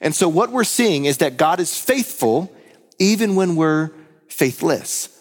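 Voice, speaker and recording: A man in his thirties, a pastor, delivers a conversational sermon to his church in a fairly high voice, unhurried and full of lively stories. The church hall adds a long reverb to the recording.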